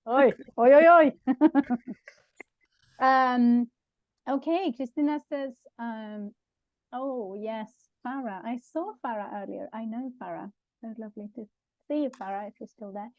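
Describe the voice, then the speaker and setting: A woman's voice: on the high side, normal speed, dry recording, muffled recording. A woman teaching a language class online, explaining sounds patiently and chatting with viewers.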